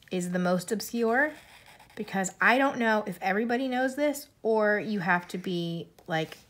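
A woman's voice: medium pitch, a bit bright. A young woman chatting casually to camera as a vlogger, rambling and giggling between thoughts. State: coughing, tiring voice. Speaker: YouTuber.

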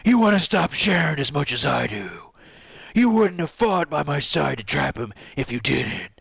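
A steadfast young swordsman, read by a man, speaks quietly but firmly. The dry, close voice has a lively rise and fall. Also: fairly high pitch, normal speed, gravelly, slightly rough, no room sound, voice pushed up, full character voice. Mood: earnest.

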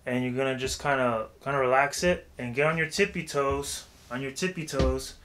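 A man giving a casual vocal warm-up tutorial, talking loosely with lots of filler phrases. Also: medium pitch, steady tone, normal speed. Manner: loose and chatty, heavy with "like" and "you know what I'm saying".

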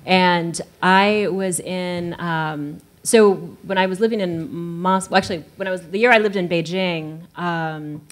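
A woman from South Texas speaks on a writers' panel, pausing and restarting often. Her voice sits a little low. She keeps to a conversational tone. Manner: hesitant, many fillers and restarts.

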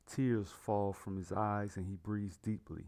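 Low voiced guy reading a fantasy story out loud, plain even narration. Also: unhurried.

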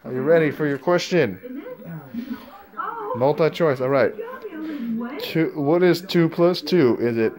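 A man's voice: on the high side, measured pace, pauses often, a crowd in the background. A man hosting a goofy homemade game show parody in a silly mock-announcer style.

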